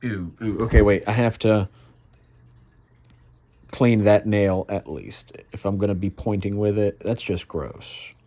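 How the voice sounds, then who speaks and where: A man's voice: fairly low pitch, dark tone, a little hiss or hum. A man giving comedic, wry commentary on his own old comic. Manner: amused, wry, drawn-out asides. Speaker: vlogger.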